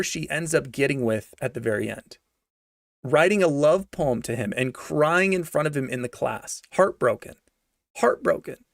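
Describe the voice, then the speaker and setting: A man's voice: on the high side, expressive, moderate pace, creaky, dry recording, studio quality. A young man giving a sarcastic, slangy rant of a movie review, repeating himself for emphasis. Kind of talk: ranting casual movie review.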